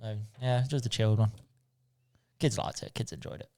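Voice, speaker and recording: A man's voice: fairly low pitch, moderate pace, gravelly. A man co-hosting a podcast, telling stories in casual chat and acting out what people said, laughing often. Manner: animated storyteller, acts out quoted lines, laughs often. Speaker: podcast co-host.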